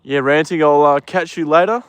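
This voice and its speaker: A relaxed man with an Australian accent talks casually into his phone outdoors in a paddock. He chats with viewers and speaks to the horses in a gentle, easygoing voice. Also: a little high, normal speed, no echo. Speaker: livestreamer. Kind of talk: casual livestream chat.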